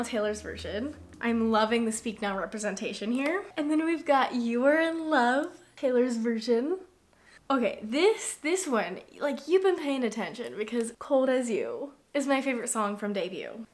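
A young woman vlogging an unboxing, gushing and excitable, with lots of "like" in her talk. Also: on the high side. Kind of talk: casual unboxing chat.

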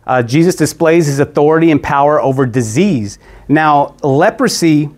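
A man gives a relaxed Bible teaching with a slightly higher-than-usual voice. He talks conversationally, stumbling and repeating words as he goes. His lines often break off and start again. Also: moderate pace.

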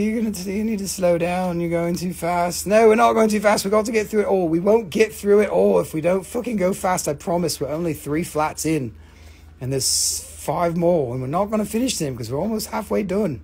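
Man, high pitch, husky, live auction host, joking, swearing. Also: lively intonation, normal speed, darkish tone. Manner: joking, swearing, calling out bidders. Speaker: live-stream mineral seller. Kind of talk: casual live auction chat.

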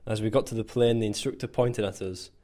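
Guy with a lowish voice reading his own story, dry and a bit self-mocking. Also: steady tone, a little fast, warm tone. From England. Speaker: volunteer soldier. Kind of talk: scripted first-person narration.

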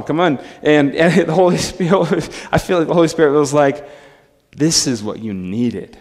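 A man in his thirties, a pastor preaching a sermon in a conversational, self-deprecating way with frequent asides. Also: fairly high pitch. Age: 30s. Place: church sanctuary. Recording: long hall reverb.

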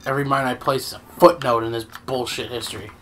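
A man co-hosting a game playthrough, cracking quick jokes and doing silly voices. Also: medium pitch, fairly even intonation, pushed and bright, a little hiss or hum. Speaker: gameplay co-host. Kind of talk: casual gaming banter.

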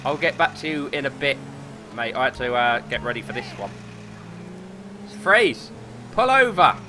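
A man with a British accent commentating on his gameplay, excitable, swearing a lot and laughing often. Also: mid-range voice, fast, a little hiss or hum. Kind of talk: casual let's play commentary.

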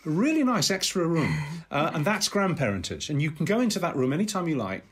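Lively husky older man telling stories. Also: fairly high pitch. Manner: animated, halting restarts, acts out voices. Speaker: podcast guest. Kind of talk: anecdotal storytelling.

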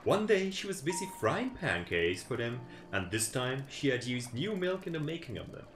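A man's voice: mid-range voice, big pitch swings, moderate pace, fairly bright tone, slight background noise. A young man reading a folk tale aloud on a stream, with playful, sarcastic asides. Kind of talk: casual storytime read-aloud with joking asides. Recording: roomy echo with faint ambience.

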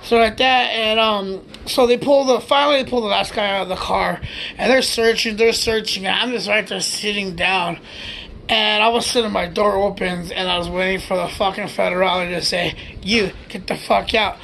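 Gravelly man telling a rambling story. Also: high-pitched, fairly even intonation, normal speed, a bit bright, slight background noise. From United States. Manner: profane, rambling, laughs while telling. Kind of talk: casual storytelling.

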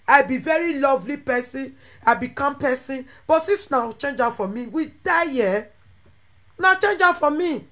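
A woman speaking with a Nigerian Pidgin accent, ranting animatedly to her followers and swinging between loud outbursts and quieter asides. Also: high voice, lively intonation, normal speed. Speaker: social media content creator. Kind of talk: impassioned monologue to followers.

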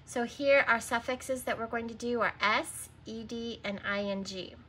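This recorded reading lesson for small children features a woman whose voice is bright and a touch high. Speaking at a normal speed without rushing, she sounds words out, spells them one letter at a time, and patiently invites the kids to stop and respond, over a slight hiss or hum.

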